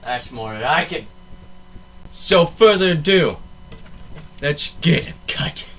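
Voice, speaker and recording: A man's voice: a little high, lively intonation, slow, fairly bright tone, husky. Goofy rambling young man vlogging. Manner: goofy, rambling, self-interrupting. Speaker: unboxing vlogger. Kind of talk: casual unboxing vlog.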